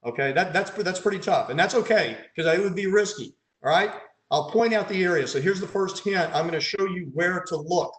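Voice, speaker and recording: A male pathologist with a slightly high voice teaches over slides and keeps quizzing his audience. He thinks aloud, throws in dry, sarcastic asides and hints at answers. His voice carries a roomy echo. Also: a little fast. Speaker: pathologist leading a case conference.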